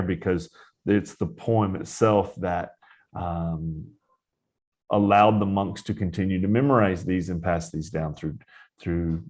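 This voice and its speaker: A man who teaches Zen meditation, giving an informal dharma talk in a relaxed, conversational way. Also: sits low.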